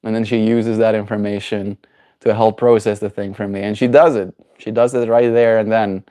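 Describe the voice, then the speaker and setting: A low-voiced man with a mellow, relaxed tone talks to his livestream chat. His delivery is casual and rambling, with playful asides as he answers viewers. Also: normal speed. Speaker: daily streamer.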